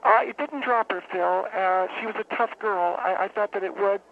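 A woman calling in to a radio show, telling a long story in a halting, rambling, deadpan way. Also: mid-range voice. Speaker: radio caller. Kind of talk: phone-in storytelling. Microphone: telephone. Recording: tinny phone line with faint hiss.

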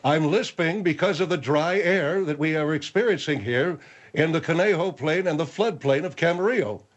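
A man voicing a pompous, indignant general with a squeaky, lisping voice that keeps cracking. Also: normal speed, highs cut off, close to an everyday voice. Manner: indignant, blustering. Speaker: comic radio character.

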